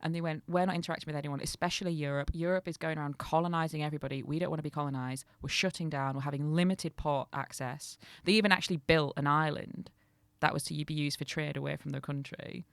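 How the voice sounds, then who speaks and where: A young woman co-hosting a comedy podcast, telling stories with lively acted-out quotes. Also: sits low, fast talker, gravelly, few pauses, no echo. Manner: animated storytelling, acts out quotes. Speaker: podcast co-host. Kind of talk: casual comedic chat.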